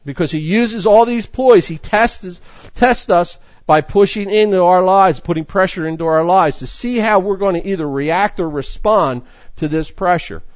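A man's voice: high-pitched, no room sound, dull audio. A man preaching a sermon, reading scripture aloud in an earnest way with frequent restarts. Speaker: pastor.

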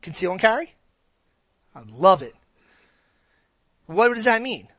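A woman's voice: mid-range voice, expressive, a little slow, a bit bright, no echo. A woman preaching a casual sermon, joking and acting out little quoted voices as she goes. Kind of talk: conversational sermon.

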